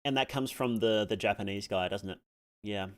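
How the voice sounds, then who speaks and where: A man with a voice on the low side provides live gameplay commentary at a moderate pace. Setbacks and in-game deaths draw loud reactions and free swearing, and he meanders through chat questions with lots of fillers.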